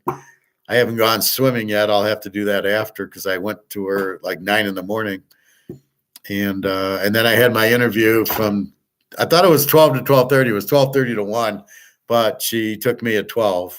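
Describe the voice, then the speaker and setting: An older man hosting a sports betting show, talking in a rambling, casual way with plenty of swearing and restarts. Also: on the low side. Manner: rambling, profane, repeats himself.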